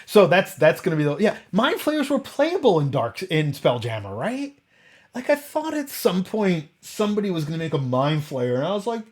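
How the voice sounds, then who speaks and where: A man's voice: high-pitched, very animated, normal speed. A man hosting a casual roundtable chat, rambling through tangents and rhetorical questions and often restarting and correcting himself. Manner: frequent restarts and self-corrections.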